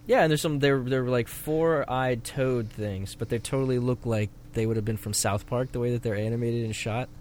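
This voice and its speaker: A man's voice: medium pitch, moderate pace, few pauses, darkish tone, slight background noise. A man hosting a casual podcast chat, rambling and restarting his sentences and laughing often. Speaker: podcast host. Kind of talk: casual chat about an anime.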